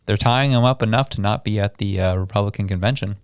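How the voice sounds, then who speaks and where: A man with a low, gravelly voice chats in a laid-back, slangy way on a podcast. The recording is close and dry, with no room echo. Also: fast talker. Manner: laid-back, slangy, says dude a lot. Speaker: podcast co-host. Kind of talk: casual chat.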